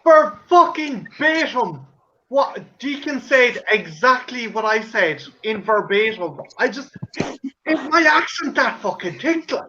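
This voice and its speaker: An Irish man hosting a casual group chat on a livestream, swearing freely and joking in quick banter. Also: extremely high pitch, very animated, bright, forceful tone, a little hiss or hum. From Ireland. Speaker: stream host. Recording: dull lo-fi stream audio.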